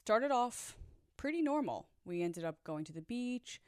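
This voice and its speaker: A woman's voice: a little high, sing-song, measured pace, clear, resonant tone, no room sound, clean studio sound. A woman telling her own story in a candid, chatty storytime monologue, swearing now and then and talking straight to her viewers.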